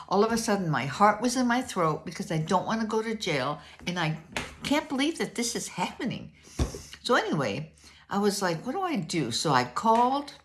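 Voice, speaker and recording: An older woman telling a story in a casual, animated way, acting out both sides of a conversation. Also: medium pitch. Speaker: vlogger.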